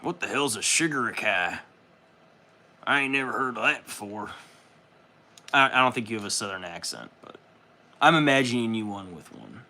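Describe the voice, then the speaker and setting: Bright-voiced man chatting on a livestream. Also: lowish voice, moderate pace, long pauses. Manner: loose, profane and excitable, reads chat aloud. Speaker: livestream host. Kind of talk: casual livestream chat while building models.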